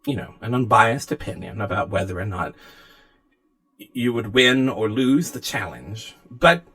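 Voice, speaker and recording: A man voicing a scheming female AI with a polite, quietly menacing manner. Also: fairly low pitch, lively intonation, measured pace, husky, exaggerated voice. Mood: diplomatic. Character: scheming female AI, smug and falsely sweet.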